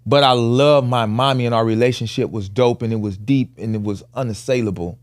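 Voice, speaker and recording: A man's voice: medium pitch, brisk, no echo, studio quality. A man in his forties, a podcast co-host, telling a personal family story in casual with earnest emphasis. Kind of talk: candid conversational storytelling.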